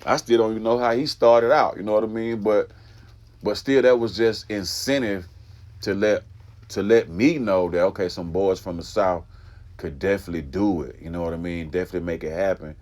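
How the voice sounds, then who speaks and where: A fairly low-pitched man from Atlanta talks easily in an interview. His delivery is loose and relaxed, with plenty of fillers. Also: brisk. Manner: laid-back, full of fillers and restarts. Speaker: group member being interviewed. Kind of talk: casual interview talk.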